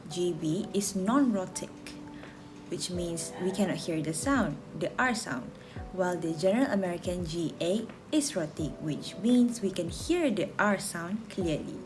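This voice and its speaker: A woman student from Malaysia reading a class presentation aloud in a slow, careful, deliberate way. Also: lowish voice, expressive, background noise.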